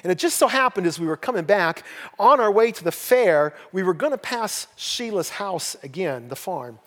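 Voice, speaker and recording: An older man, a pastor, preaching a sermon through homespun personal stories with folksy, self-mocking humor. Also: high-pitched. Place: church sanctuary. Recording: long reverb of a large church hall.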